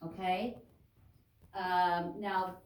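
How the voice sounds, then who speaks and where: A woman's voice: on the low side, little pitch movement, extremely slow, recorded from a distance, slight background noise. A woman teaching an adult English class, chatting loosely and interrupting herself as she explains grammar. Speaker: ESL teacher. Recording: echoey classroom taped from afar.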